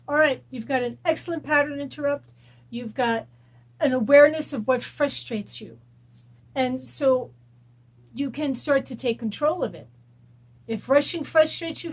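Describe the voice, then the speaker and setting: A woman hosting a weekly self-help show, guiding listeners through a tapping exercise with repeated affirmations. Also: sits high. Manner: repetitive affirmations, gentle coaching. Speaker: host and rapid eye technician.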